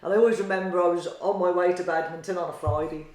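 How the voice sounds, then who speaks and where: Norfolk woman, very deep booming voice, chatty co-host, echoey kitchen. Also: fairly even intonation, fast talker. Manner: chatty storyteller, trails off quietly at ends of phrases. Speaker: podcast co-host, tarot reader and meditation teacher. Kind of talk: casual chat. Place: kitchen table at home.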